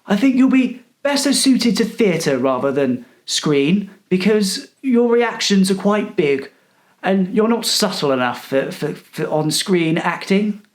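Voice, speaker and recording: A man's voice: high-pitched, expressive, a little slow, voice pushed up. A man putting on the voice of a fussy, nosy old male cleaner, prim and meddling.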